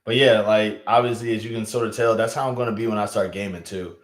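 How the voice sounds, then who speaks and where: A man with a Southern US accent hosting a casual livestream, animated and slangy, often repeating his phrases and talking straight to his viewers. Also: fairly low pitch, fast, roomy sound. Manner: animated, repeats himself, talks to chat with slangy asides. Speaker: livestream host. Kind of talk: casual live-stream chat.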